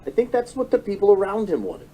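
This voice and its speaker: In a low-quality recording, a man in his thirties delivers an emotional political monologue as a commentator. His voice is high-pitched yet mellow, very animated and fast, and he often repeats phrases and corrects himself.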